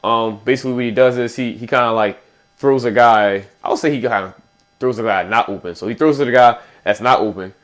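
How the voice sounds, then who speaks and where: A man co-hosting a casual sports podcast, giving measured, analytical takes on players, with a Philadelphia accent. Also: mid-range voice. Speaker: podcast co-host.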